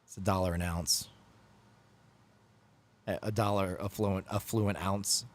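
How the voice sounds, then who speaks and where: A man's voice: low voice, fairly even intonation, unhurried. A man in a band chatting casually on a stream, teasing and playful, bossy when coaching. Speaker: band member co-hosting a stream chat. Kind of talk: casual chat.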